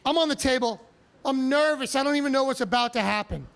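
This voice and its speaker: A male stand-up comedian telling a story on a comedy club stage, animated, profane and self-mocking. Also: very high voice, fast, vocal fry.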